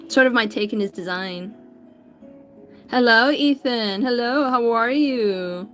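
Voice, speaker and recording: A woman's voice: a little high, slow pace, a bit bright, faint music behind. A woman artist chatting casually on a livestream while she draws, greeting viewers by name in an upbeat, chatty way. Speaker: digital artist streamer.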